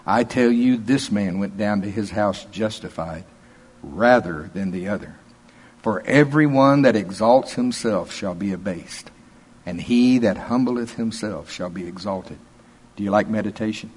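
A man's voice: fairly low pitch, a little slow, darkish tone, slightly rough. A man preaching a sermon in a folksy, emphatic, conversational way, reading scripture aloud and then explaining it.

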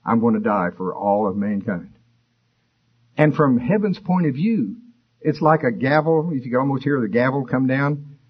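A man preaching a sermon, explaining scripture in a conversational way and rising in pitch for emphasis. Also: husky, dull audio. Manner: expository, conversational, rises for emphasis.

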